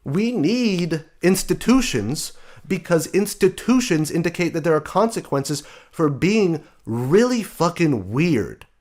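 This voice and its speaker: A man's voice: on the high side, sing-song, takes it slowly, darkish tone. Blunt sarcastic man ranting. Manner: blunt, sarcastic, mocking quoted voices. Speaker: podcast host. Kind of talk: opinionated monologue.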